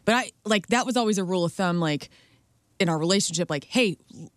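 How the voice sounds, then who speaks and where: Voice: mid-range voice, quick pace, fairly bright tone, no room sound. A radio co-host in casual morning banter, telling chatty stories.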